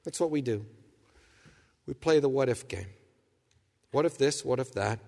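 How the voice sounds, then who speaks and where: A man's voice: mid-range voice, expressive, measured pace, creaky, dark tone, big-room sound. A man preaching a sermon, reading scripture and voicing anguished questions with earnest intensity. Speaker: pastor.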